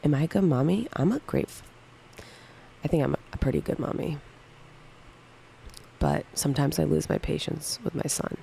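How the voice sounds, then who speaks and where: A woman's voice: deep voice, moderate pace, creaky, long pauses, mellow, a little hiss or hum, low-quality recording. A woman in her thirties chatting casually on a livestream, candidly answering viewer questions one by one. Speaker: livestream co-host.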